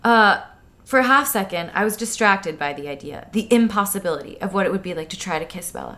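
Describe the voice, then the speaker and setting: A woman's voice: medium pitch, expressive, fast, music in the background. A woman co-hosting a casual book club podcast. She giggles often and reads passages aloud with dramatic flair. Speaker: podcast co-host.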